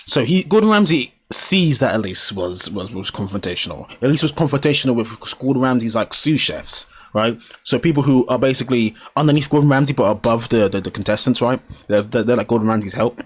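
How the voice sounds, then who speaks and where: A man hosting a casual podcast chat, swearing freely and getting excitable as he retells things. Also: medium pitch, a little fast, hardly any pauses, husky. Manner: swearing, excitable, acts out shouted quotes. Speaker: podcast host.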